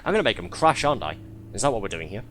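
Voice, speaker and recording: A man's voice: on the low side, big pitch swings, very fast, over music. A man giving live gameplay commentary as a streamer, wry and sarcastic, laughing often at his own game.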